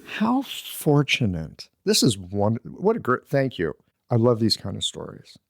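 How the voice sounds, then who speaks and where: Host, man, mid-pitched, appreciative, dry close mic. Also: wildly swooping pitch, a little slow, creaky, no room sound. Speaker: podcast host. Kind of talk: conversational interview.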